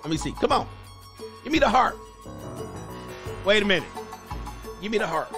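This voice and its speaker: A man's voice: high-pitched, big pitch swings, moderate pace, music in the background. A man hosting a show, chatting casually as he reads viewer comments aloud, exclaiming and laughing often. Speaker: host and coach.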